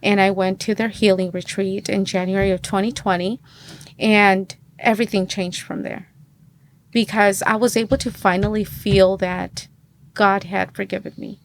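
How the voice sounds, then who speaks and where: A woman's voice: mid-range voice, flat delivery, normal speed, a little hiss or hum. A woman in her thirties, a podcast guest, chatting through a personal testimony and acting out the dialogue she quotes. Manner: chatty, acts out quoted dialogue, many fillers. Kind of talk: personal testimony in casual conversation.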